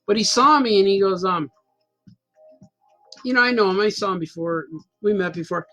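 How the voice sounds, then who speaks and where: A man's voice: high voice, moderate pace, pushed and bright, muffled recording, faint music behind. A man in his fifties telling a rambling, self-mocking story in a casual chat as a cartoonist host. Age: 50s. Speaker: cartoonist hosting a stream.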